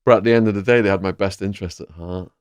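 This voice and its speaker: A man with an English accent, a podcast host telling his own stories in a vivid, animated way. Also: low voice, racing, clean tone, dry recording, studio quality. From England. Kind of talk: storytelling in a conversation.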